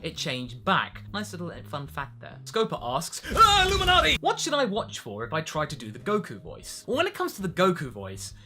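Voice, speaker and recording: A man's voice: on the high side, wildly swooping pitch, moderate pace, hardly any pauses, sharp tone. A British man, a voice actor, answering fan questions in a casual vlog, chatty and self-mocking. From Britain.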